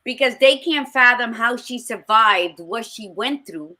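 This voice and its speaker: Woman co-host, raised pitch, tense bright tone; emphatic and blunt in casual chat. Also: animated, a little slow. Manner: candid, blunt, emphatic storytelling. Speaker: podcast co-host.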